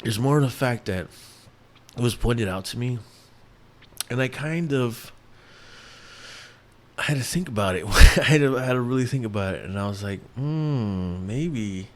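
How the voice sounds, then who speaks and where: A man's voice: medium pitch, moderate pace, long pauses, a little hiss or hum. A man in his thirties, from New York, hosting a casual solo podcast, rambling with lots of restarts and fillers and swearing freely. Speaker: podcast host.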